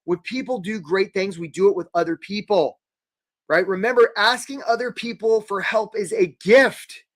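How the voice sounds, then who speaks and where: A man hosting a live career webinar, energetic and jokey, acting out quick little quoted voices. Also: sits high.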